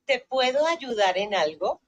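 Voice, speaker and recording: A synthetic woman's voice as a friendly language-app woman, giving slow, clear prompts. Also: on the high side, sing-song, a little hiss or hum. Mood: prompting.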